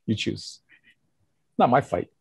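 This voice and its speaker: A man's voice: fairly low pitch, takes it slowly, vocal fry, slightly rough, dry recording, clean studio sound. An older man, a pastor giving earnest counsel in casual conversation and acting out quotes as he tells stories. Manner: earnest, animated storytelling with acted quotes and chuckles.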